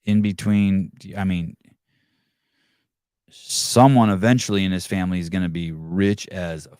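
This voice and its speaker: A male podcast host in casual chat, ranting in a profane, animated way. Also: low-pitched, measured pace, clear, resonant tone, no room sound, clean studio sound.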